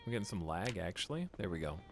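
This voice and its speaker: A man's voice: low-pitched, sing-song, fast talker, soft background music. A man streaming a video game, chatting casually and thinking aloud as he plays, often laughing at his own jokes. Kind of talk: casual gameplay commentary.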